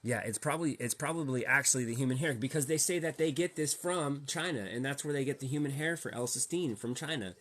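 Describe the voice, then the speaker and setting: A man's voice: mid-range voice, fairly quick, few pauses, fairly bright tone. A man vlogging a casual rant, slangy and profane, heated and repetitive as he talks to his viewers. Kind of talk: casual ranting monologue.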